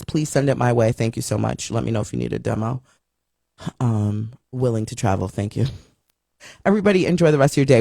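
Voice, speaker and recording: A woman's voice: a bass voice, dry recording, studio quality. Chatty woman hosting a live stream. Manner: chatty, reads viewer comments aloud; upbeat, lively greetings. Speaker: live show host. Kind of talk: casual live-stream chat.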